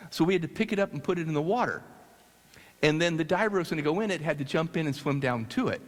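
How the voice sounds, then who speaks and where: A man from the United States telling a story to an audience, animated and halting with restarts. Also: fairly high pitch. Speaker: speaker. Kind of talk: storytelling talk. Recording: long hall reverb.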